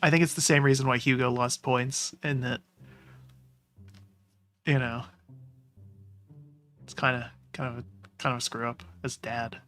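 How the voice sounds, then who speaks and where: Casual, jokey game host reading narration over faint music. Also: male voice, medium pitch, steady tone, a little slow, long pauses, bright, forceful tone. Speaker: let's play host. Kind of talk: reading a visual novel aloud with commentary.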